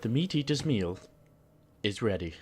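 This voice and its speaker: A man putting on a deep solemn nature-documentary narrator. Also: sing-song, over music. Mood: mock solemn. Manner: grave, measured documentary delivery.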